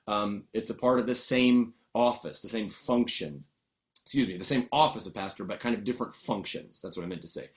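A man's voice: on the low side, fairly quick. A man preaching a teaching sermon in a conversational way, with many fillers and restarts as he patiently explains Greek words. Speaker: pastor.

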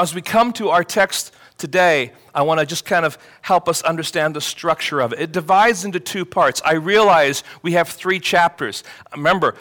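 Bright, high-voiced preaching man. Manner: expository preaching, emphatic when quoting scripture. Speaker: pastor. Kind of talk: sermon.

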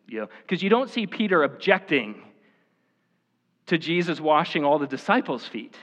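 A man's voice: a little high, very animated, normal speed, fairly bright tone. Guy preaching, super casual and chatty, lots of you-knows, big echoey church room, kinda muffled. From rural Iowa. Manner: casual and chatty, with many "like" and "you know" fillers. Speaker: pastor. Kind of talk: conversational sermon. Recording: echoey hall, slightly dull sound.

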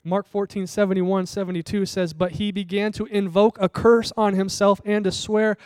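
A man's voice: high-pitched, little pitch movement, normal speed, few pauses, darkish tone, clear, resonant tone, no echo. A male pastor preaching a sermon in a conversational, storytelling way, sometimes voicing the people in the passage.

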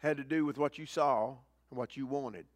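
A man preaching a sermon as pastor, swinging between loud emphatic lines and quiet low asides and repeating key phrases. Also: a little fast, no echo.

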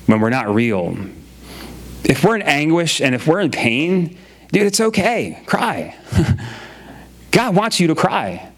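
A man's voice: fairly high pitch, big pitch swings, slow pace, pauses often. A man preaching a sermon in a casual, conversational way, often repeating his phrases and using filler words. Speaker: pastor.

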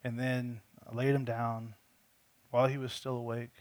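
A man's voice: medium pitch, level tone, moderate pace, a little mellow. A man preaching a conversational sermon, telling a personal story earnestly and often repeating words as he restarts his sentences. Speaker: pastor.

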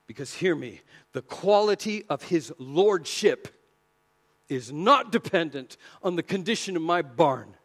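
A man preaching a sermon with passion, swinging between loud emphasis and near-whispered lines. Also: high voice.

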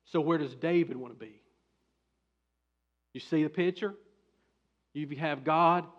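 A man preaches a sermon as pastor, his voice sitting high for a man. He moves between quiet explanation and loud, emphatic bursts. The recording sounds dull and lo-fi. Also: measured pace.

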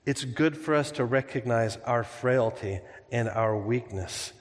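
A man's voice: medium pitch, a little slow. A man preaching a sermon in a church, conversational and humorous, telling stories and jokes as he explains scripture. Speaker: pastor. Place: church sanctuary. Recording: long hall reverb.

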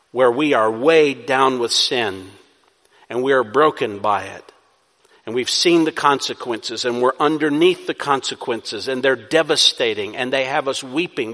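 A man preaching a sermon as pastor, moving between soft, pleading passages and loud, urgent exhortation. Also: medium pitch, long reverb tail.

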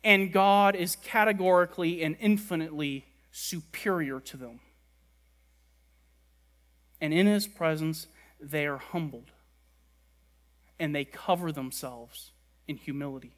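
A man preaching a sermon, stressing words by repeating them and letting key lines fall quiet and low. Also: fairly even intonation, a little slow, long pauses. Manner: emphatic, repeats words for stress, drops soft at ends. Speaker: pastor.

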